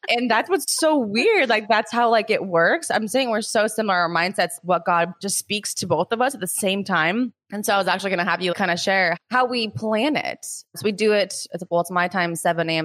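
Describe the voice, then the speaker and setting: A woman's voice: lowish voice, quick pace, no room sound, studio quality. A woman hosting a podcast, chatting casually and gushing with enthusiasm. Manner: gushing, enthusiastic, laughs easily. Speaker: podcast host.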